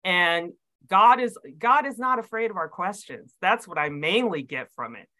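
A woman's voice: mid-range voice, expressive, normal speed, sharp tone, poor audio. A woman in a prayer group speaking enthusiastically in casual chat, with many fillers.

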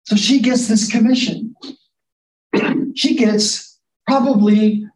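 A man with a high voice preaches a sermon, talking it through conversationally and inviting listeners to imagine themselves in the scene. He stands off the mic, so the sound is roomy and a little distant, with faint ambience behind him. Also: fairly even intonation, slow, a little mellow.

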